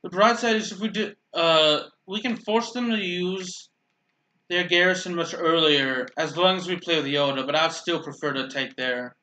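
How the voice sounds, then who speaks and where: This man's voice sits a little high, bright and forceful, at normal speed. He hosts a gaming channel and rambles casually while he plays, frequently restarting sentences and dryly mocking his teammates.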